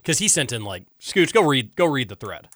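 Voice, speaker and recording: A man hosting a talk show, reading listener texts aloud and ranting emphatically in casual chat. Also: mid-range voice. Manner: animated, emphatic and quick to rant. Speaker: radio talk show host.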